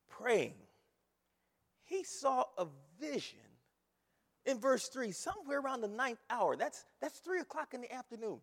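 Male preacher, high lively voice, sermon in a reverberant church. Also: gravelly. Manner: animated, repeats phrases, rises to shouts. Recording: long hall reverb.

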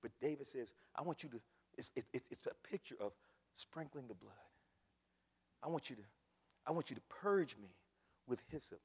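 A man preaching a sermon, swinging between hushed pleading and loud cries. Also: medium pitch, lively intonation, moderate pace, pauses often, breathy edge. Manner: impassioned, swings from hushed to shouting. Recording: long hall reverb.

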